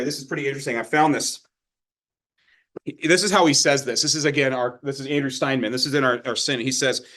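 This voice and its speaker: A man's voice: medium pitch, a bit bright. A man teaching a Bible study in a loose, conversational way, checking in often with his listeners. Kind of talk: informal sermon teaching.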